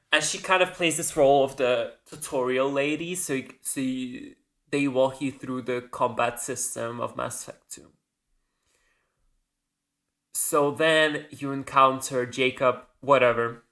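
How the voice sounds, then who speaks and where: A man's voice: mid-range voice, steady tone, unhurried, pushed and bright. A man hosting a casual solo podcast, rambling and correcting himself as he goes, with the odd casual swear. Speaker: podcast host.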